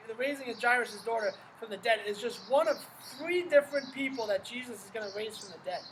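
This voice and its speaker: A man's voice: very high voice, fairly bright tone, a little hiss or hum, poor audio. A man teaching a casual Bible lesson outdoors under an umbrella in the rain, conversational and full of rhetorical questions. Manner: conversational, asks rhetorical questions, says "right?" often. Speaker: religion teacher.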